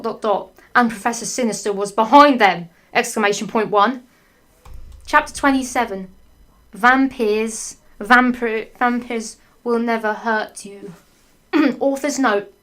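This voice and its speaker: A woman giving a comedic read-through of a story, stopping for sarcastic, sweary comments and bursts of laughter. Her voice sits a bit high, and she takes her time, drawing words out slowly. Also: a bit bright. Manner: clears her throat often. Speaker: fanfiction reader. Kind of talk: comedic dramatic reading.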